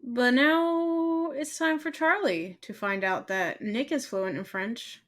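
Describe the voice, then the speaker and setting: A woman co-hosting a podcast, pitched somewhat high for a woman. She moves the recap along with laid-back, dry summaries and light laughter. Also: slow pace, few pauses, a bit bright. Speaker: podcast co-host. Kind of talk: casual recap chat.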